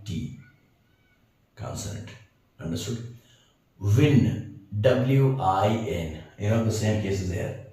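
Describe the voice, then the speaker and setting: A man's voice: fairly low pitch, darkish tone. A man teaching an English grammar lesson, hesitating often with fillers and checking that listeners understand. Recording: very echoey room, mic far off.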